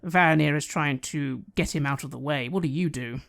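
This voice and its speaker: Measured tabletop game master narrating. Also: medium pitch, gravelly.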